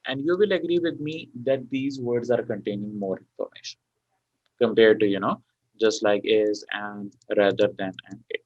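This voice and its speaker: A man's voice: fairly low pitch, normal speed, a little mellow, dry recording. Man tutoring an exam class, dry dull audio. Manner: explains step by step with many fillers like okay and you know. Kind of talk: online class lecture.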